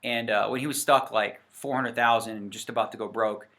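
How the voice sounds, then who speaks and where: In front of a set backdrop indoors, a man talks to camera for his poker vlog in a casual, meandering rant, heavy on fillers and self-corrections. His mid-range voice stays steady and a bit bright, moving slightly fast.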